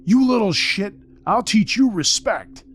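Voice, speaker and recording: A man voicing a drunk, furious male neighbor who shouts and slurs his words, pitched well above his own voice. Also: very animated, a little slow, faint music behind. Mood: raging. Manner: slurred shouting.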